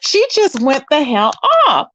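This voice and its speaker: A woman's voice: high-pitched, very animated, a little slow, a bit bright, muffled recording. A woman hosting a casual livestream, chatting and greeting viewers by name with pet names. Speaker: livestream host. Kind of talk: casual reaction chat.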